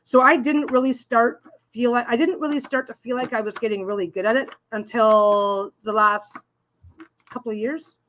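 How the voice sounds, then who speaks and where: A woman's voice: fairly high pitch, steady tone, moderate pace, fairly bright tone, slight background noise. A middle-aged woman hosting a live stream as a tarot reader, chatting casually and rambling, often restarting her sentences and reading viewer comments aloud. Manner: reads viewer comments aloud and answers them.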